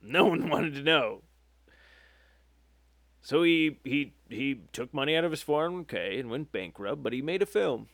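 A man's voice: a little high, animated, moderate pace, fairly bright tone, dry recording, clean studio sound. A young man in casual comedic banter, riffing and swearing, often dropping into acted voices.

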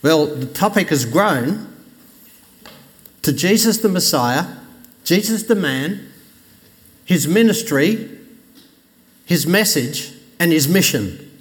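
Man preaching in a reverberant hall. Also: a little high. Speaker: pastor. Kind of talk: sermon. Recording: long reverb of a church hall.

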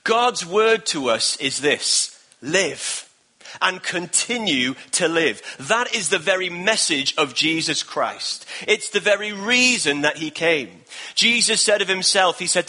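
A man's voice: sits high, animated, a little slow, sharp tone. A man preaching a sermon as pastor, emphatic and repetitive, building in bursts.

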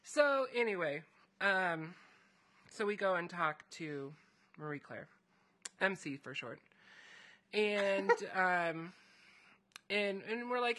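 A man's voice: high-pitched, lively intonation, takes it slowly, long pauses, bright, forceful tone. A man co-hosting a casual podcast chat, retelling a fantasy story in a rambling way with many fillers. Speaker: podcast co-host recapping a story.

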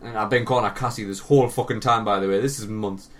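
Picked up on a distant mic, this young podcast co-host talks fast in a lowish, steady voice with a fairly bright tone. He's in the middle of a long, embarrassing tale, cursing and laughing, and his voice drops whenever he quotes someone. It's easygoing storytelling chat.

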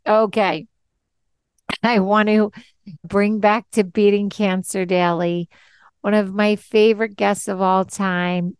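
A woman hosts a relaxed podcast chat, upbeat and prone to easy laughter. She talks slowly and with care. The sound is dry and close, with no room around it. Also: mid-range voice, clear, resonant tone, no echo. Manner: laughs easily, chatty and upbeat. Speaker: podcast host.

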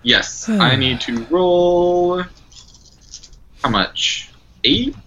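Deliberate man playing a tabletop game. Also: high voice, expressive, pushed and bright, slight background noise. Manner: deliberate, pragmatic. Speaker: player. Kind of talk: casual tabletop game play. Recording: dull lo-fi podcast audio.

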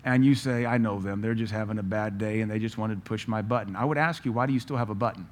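A man preaching a sermon, firing off rhetorical questions and telling stories with lively energy. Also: on the low side, fast, a little hiss or hum. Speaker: pastor.

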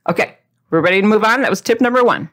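A woman hosts a diet video in a playful, chatty way. She talks straight to the viewer in a casual, motivational tone, close to the mic. Her voice sits at a middle pitch. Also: fairly quick, fairly bright tone. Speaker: host of a diet video series.

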